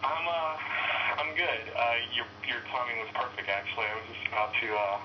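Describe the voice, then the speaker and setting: A man's voice: mid-range voice, brisk. A man calling in as a guest, answering politely and wryly with lots of hesitations. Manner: hesitant, polite, many uhs and restarts, wry. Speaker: guest on phone. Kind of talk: casual phone interview. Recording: phone line with clear noise.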